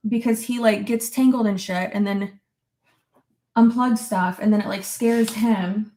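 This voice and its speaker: A woman's voice: on the high side, steady tone, normal speed, dark tone. A young adult woman vlogger chatting casually at her desk at home and reacting to viewer comments, with lots of "like" fillers and casual swearing. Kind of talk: casual chat.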